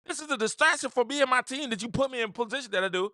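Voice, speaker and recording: A man's voice: very high voice, expressive, brisk, pauses often, pushed and bright, no room sound, clean studio sound. A man hosting his own show, giving opinionated casual commentary, repeating phrases for emphasis and acting out quotes. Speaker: podcast host.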